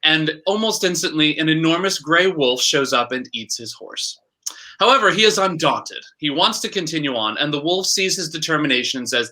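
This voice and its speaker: Chatty man with a bright, punchy voice. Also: fairly high pitch, expressive. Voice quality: brisk, chatty, laughs often. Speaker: storyteller. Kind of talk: casual fairy-tale retelling.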